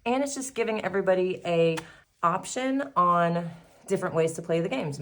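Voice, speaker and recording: A woman's voice: mid-range voice, a little hiss or hum. A woman hosting a savings challenge vlog, chatting casually and upbeat with viewers, laughing often and a little out of breath. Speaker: savings challenge video host. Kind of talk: casual chat to viewers while doing crafts.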